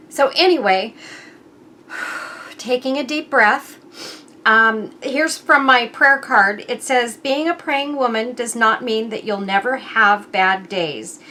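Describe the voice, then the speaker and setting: A middle-aged woman chats through a casual crafting video, her voice bright and a touch high. She rambles with plenty of ums and sounds moved near tears. Light noise sits under the recording. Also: takes it slowly. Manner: warm, chatty and rambling, with frequent ums. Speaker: crafting channel host. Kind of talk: casual chatty craft vlog.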